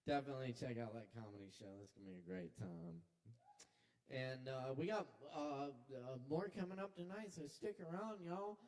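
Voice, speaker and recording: A man's voice: mid-range voice, normal speed, darkish tone. A man hosting an open mic, introducing acts casually with many fillers. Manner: laid-back, drawling, filler-heavy. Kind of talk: casual emcee announcements. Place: small bar stage.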